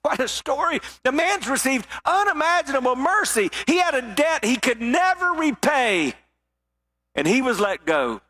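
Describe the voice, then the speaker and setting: A man preaching a sermon, telling a parable with drama and dropping to a hush for serious points. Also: extremely high pitch, big pitch swings, normal speed. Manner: dramatic storytelling, drops to a hushed voice for weight.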